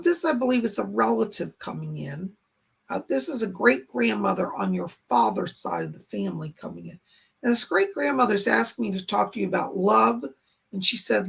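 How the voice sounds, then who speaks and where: A man giving live-stream psychic readings, relaying what spirit guides say with a steady run of "he said" and "she said," and thanking viewers between readings. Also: high-pitched, vocal fry, breathy edge. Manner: thanks viewers warmly and reads their chat aloud. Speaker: psychic medium.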